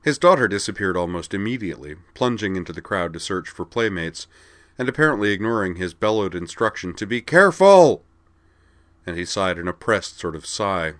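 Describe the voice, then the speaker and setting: A man with a low, deep voice narrates a story in a steady, storytelling manner. The recording is close and dry, with no room sound at all. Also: brisk, no room sound. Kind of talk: reading a story aloud.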